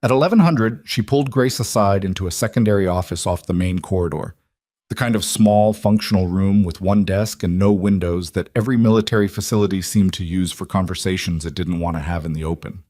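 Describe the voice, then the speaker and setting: A man narrates a dramatic story in a measured, deliberate way, leaning on pauses. His voice is low. The recording is dry and close. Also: warm tone, no echo.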